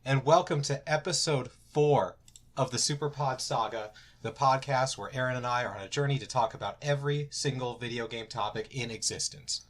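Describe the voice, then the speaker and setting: A man's voice: medium pitch, a little fast. Playful young man co-hosting. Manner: playful, joking. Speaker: podcast co-host. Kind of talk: casual chat.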